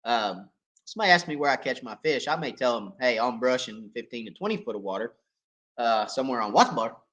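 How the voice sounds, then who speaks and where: A man hosting a live fishing Q&A, hoarse and coughing as he loses his voice, talking in a folksy, chatty way and checking in with viewers. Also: mid-range voice, lively intonation, a little fast, a bit bright, dull audio. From East Tennessee. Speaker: fishing channel host. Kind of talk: live Q&A chat.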